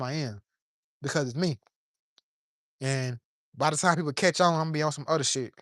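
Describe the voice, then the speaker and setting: A man's voice: on the high side, a bit bright, dry recording, studio quality. A man giving an impassioned, profane monologue to camera from his yard, preaching in plain street talk while a little under the weather. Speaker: vlogger.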